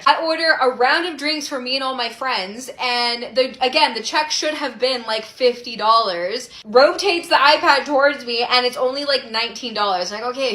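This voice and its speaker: Chatty twenty-something woman, high and bright, casual storytime vlog delivery. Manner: chatty and animated, heavy use of "like". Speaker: storyteller in a clip.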